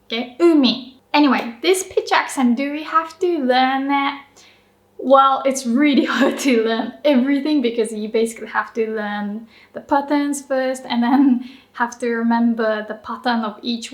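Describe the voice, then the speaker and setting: A Japanese woman teaching pronunciation in a chatty, upbeat video lesson, slowing down to demonstrate words. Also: a little high, echoey room.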